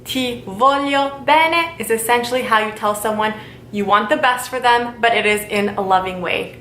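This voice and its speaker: A woman teaching a language lesson, speaking slowly and repeating each word for learners to follow. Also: mid-range voice, fairly even intonation, fairly bright tone, echoey room, slight background noise. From Italian heritage. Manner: slow, repeats words for learners.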